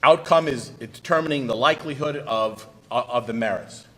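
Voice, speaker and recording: A man's voice: mid-range voice, moderate pace, sharp tone, poor audio. A middle-aged man, a trial lawyer from the United States, giving a conference presentation in a folksy, punchy manner and talking straight to the audience.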